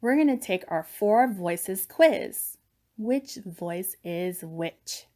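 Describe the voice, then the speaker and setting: A woman narrating a children's lesson on voices, gentle and encouraging. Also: mid-range voice, animated, extremely slow.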